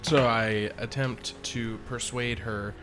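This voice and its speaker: A man's voice: mid-range voice, steady tone, slow. A man playing a tabletop role-playing game, describing his actions in a rambling way. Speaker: player.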